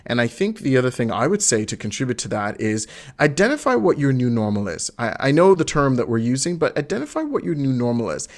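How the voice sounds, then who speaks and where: A man's voice: mid-range voice, big pitch swings, quick pace. Man co-hosting a podcast, supportive. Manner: supportive, lots of short agreeing replies. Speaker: podcast co-host, life coach. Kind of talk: casual podcast chat.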